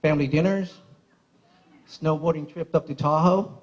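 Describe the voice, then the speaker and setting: Best man, male, high-pitched, casual and giggly, emotional wedding toast at a reception. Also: steady tone, moderate pace, a little mellow, highs cut off. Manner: chatty, laughs often through his stories; admits he gets emotional.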